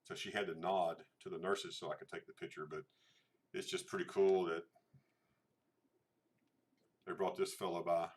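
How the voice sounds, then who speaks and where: Low-voiced rambling man. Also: fairly even intonation, moderate pace, long pauses. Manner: rambling, hesitant, many fillers and restarts. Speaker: channel host. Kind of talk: casual livestream chat showing photos.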